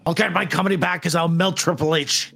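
A man's voice: on the high side, steady tone, brisk, vocal fry, sharp tone, husky. A man co-hosting a casual movie commentary, tossing out dry quips and pop-culture references. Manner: trivia-minded, dry quips. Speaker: podcast co-host.

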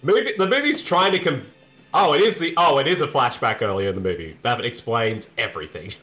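Lively, joking man riffing on a movie. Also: medium pitch, fairly quick, soft background music. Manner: joking, wry, laughs at his own lines. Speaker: co-host. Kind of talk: movie watch-along commentary.

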